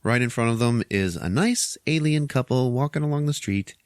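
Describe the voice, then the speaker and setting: A podcast host recapping a movie in a profane, chuckling, animated way. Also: male voice, mid-range voice, normal speed, dry recording, studio quality.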